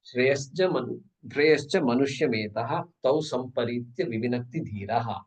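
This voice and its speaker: This Vedanta teacher has a mid-range voice and talks at a normal speed, though the poor audio was recorded from some distance. In a class hall, he teaches scripture methodically, raising rhetorical questions and chanting Sanskrit terms along the way.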